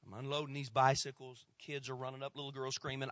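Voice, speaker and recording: A middle-aged male pastor telling a story in a sermon, acting out the people he quotes and dropping to a hush at tense moments. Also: medium pitch, rapid-fire, few pauses, dry recording. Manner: animated storyteller, acts out quoted voices, drops to hushed tones.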